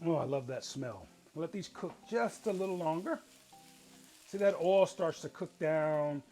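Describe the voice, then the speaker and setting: A man's voice: fairly high pitch, expressive, measured pace, dark tone, soft background music. A man hosting a cooking show, chatting folksily to viewers as he demonstrates.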